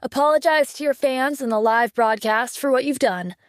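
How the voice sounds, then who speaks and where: A woman voicing a calm, stern young man who heads a security department, speaking firmly in an audio drama. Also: high-pitched, moderate pace, dry recording, clean studio sound, pitched above the performer's own voice, close to an everyday voice. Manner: cool, firm, demanding. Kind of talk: audiobook character voice.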